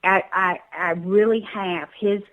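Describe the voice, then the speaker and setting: Southern woman caller, insistent and fired up, trips over her words, mid pitch. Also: steady tone, slow, muffled recording. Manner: emphatic, urging, repeats words.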